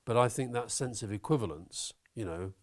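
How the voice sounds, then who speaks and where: A man talking as an interview guest, opinionated and animated, swearing now and then. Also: fairly low pitch, moderate pace. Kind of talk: conversational interview.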